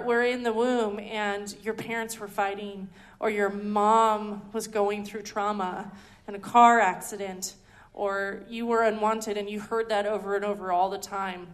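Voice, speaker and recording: A woman's voice: medium pitch, little pitch movement, measured pace. A woman giving a conversational teaching talk at a ministry school, chatty and full of ums and restarts. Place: indoor teaching hall.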